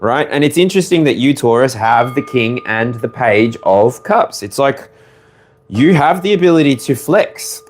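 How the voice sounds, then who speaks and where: An Australian man talks his way through a collective tarot reading in a loose, rambling, playful manner. His pitch swings widely and animatedly, and he slips into humming and chuckles. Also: lively intonation, normal speed. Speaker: tarot reader.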